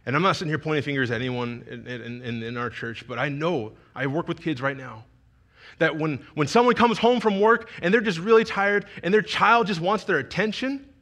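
Young guy youth pastor preaching, chatty and heartfelt, kinda high voice. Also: a little fast, a bit bright. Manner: conversational, emotional storytelling with restarts. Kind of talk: sermon with personal story.

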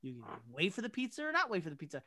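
A man's voice: fairly high pitch, wildly swooping pitch, racing, sharp tone. A man in casual chat, animatedly telling stories about difficult customers and acting out both sides of the exchanges.

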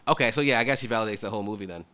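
A man co-hosting a podcast, joking around in profane, quick banter. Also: lowish voice, bright, forceful tone, clean tone. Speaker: podcast co-host. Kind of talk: casual chat.

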